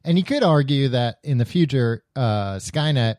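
A man's voice: medium pitch, expressive, moderate pace, darkish tone, dry recording, studio quality. A man co-hosting a casual film chat, laughing often and defending the movie with many fillers. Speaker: podcast co-host.

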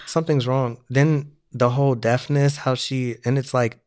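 Guy on a podcast, gossipy and animated, laughing a lot, mid pitch. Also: normal speed. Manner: animated, gossipy, laughs often, mimics voices. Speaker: podcast co-host. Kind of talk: casual chat.

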